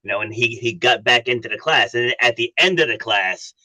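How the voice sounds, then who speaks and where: A male coach talks as a podcast guest in a bright, forceful voice at a mid pitch. He tells his stories earnestly and acts out the dialogue, recorded dry and close to the mic. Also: brisk, no echo, rough recording. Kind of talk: casual interview chat.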